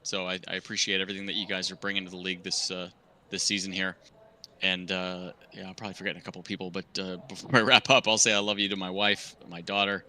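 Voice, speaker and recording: Man from Massachusetts, post-race winner interview, rambling with fillers, slightly low pitch, fast talker. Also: level tone, bright, forceful tone, slight background noise. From Medford, Massachusetts.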